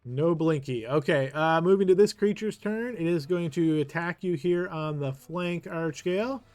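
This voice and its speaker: A man narrating a tabletop game as game master, giving brisk, matter-of-fact rulings. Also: on the high side, darkish tone, smooth, no room sound, faint music behind.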